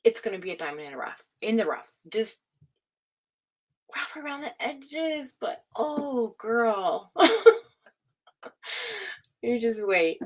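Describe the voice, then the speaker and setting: A woman giving a casual livestream tarot reading, excitable, swearing freely and laughing often. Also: fairly high pitch, slow, pauses often, poor audio. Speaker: tarot reader.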